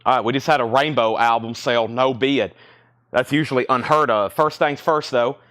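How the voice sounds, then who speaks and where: A man hosting a live record sale indoors, briskly listing titles and prices in a chatty auctioneer way, a little choked up. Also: medium pitch, a bit bright. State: slightly choked, coughing. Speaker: livestream record seller. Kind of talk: live sales stream.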